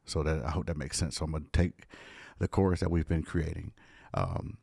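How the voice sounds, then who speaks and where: Deep gravelly-voiced man producing live. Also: a little fast, a little mellow, no echo, clean studio sound. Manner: casual, talks through his work with viewers. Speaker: music producer. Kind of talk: live studio session talk. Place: home music studio.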